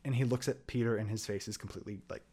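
A man's voice: lowish voice, steady tone, racing, dark tone, breathy edge. A young man hosting a podcast, recapping a plot in a loose, rambling way full of "like" and "whatever". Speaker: podcast host.

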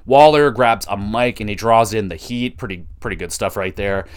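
A man hosting a podcast, recapping wrestling shows in a casual, excitable way and swearing freely. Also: on the low side, moderate pace, clean tone. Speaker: podcast host.

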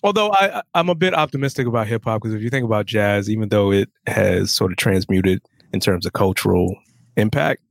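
Brief: man with a gravelly, husky voice, wry co-host, dry close sound. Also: lowish voice, a little fast, no echo. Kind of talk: casual chat.

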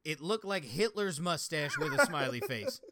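A man's voice: fairly high pitch, animated, normal speed, bright, forceful tone, slight background noise. A young man co-hosting a podcast, telling rambling stories in casual chat and swearing often. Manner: rambling storytelling with frequent swearing. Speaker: podcast co-host.

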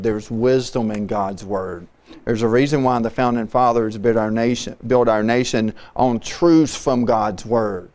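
Earnest male pastor with a smooth voice. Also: medium pitch, a little mellow. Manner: earnest, repetitive exhortation. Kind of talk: podcast sermon.

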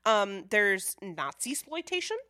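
A woman's voice: mid-range voice, sing-song, a little slow, bright, forceful tone, no room sound, clean studio sound. A woman co-hosting a casual film podcast, explaining things at length with many "like" and "you know" fillers. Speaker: podcast co-host.

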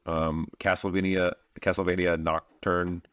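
A man co-hosting a casual podcast, rambling through his thoughts with many fillers and sudden bursts of excitement. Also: sits low, unhurried, clear, resonant tone, dry recording, clean studio sound. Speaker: podcast co-host. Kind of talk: casual chat about video games.

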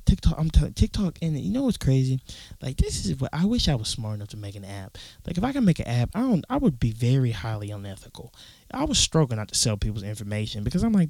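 A man's voice: mid-range voice, fairly quick, vocal fry, no echo, rough recording. A young man hosting a casual solo podcast, rambling and cursing his way through a rant, recorded alone in his closet. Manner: profane, rambling, animated. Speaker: podcast host.

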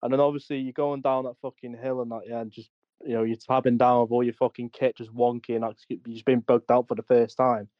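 A man's voice: mid-range voice, little pitch movement, quick pace, dry recording. A young man co-hosting a podcast, telling army stories in a rambling, sweary way with lots of restarts. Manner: rambling storyteller, heavy swearing, many restarts. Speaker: podcast co-host. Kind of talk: casual army stories chat. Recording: dull dry lo-fi audio.

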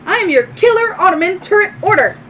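A woman's voice: very high-pitched, lively intonation, fast, slight background noise, voice pushed up. Woman doing a perky little killer droid. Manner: bright, formal robotic phrasing.

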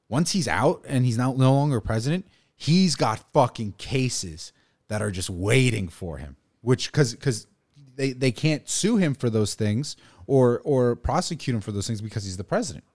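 A man's voice: mid-range voice, a little mellow. A young man co-hosting a podcast, talking in a casual, emphatic way, swearing often and saying "dude" and "right?" again and again. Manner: emphatic, profane, says "dude" and "right?" constantly. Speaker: podcast co-host. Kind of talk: casual chat.

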